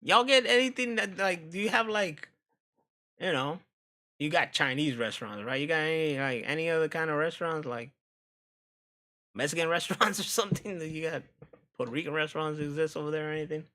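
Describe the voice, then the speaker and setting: A man hosting a live stream, chatting casually with viewers in a joking, profane, animated way. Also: fairly high pitch, fairly quick. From United States.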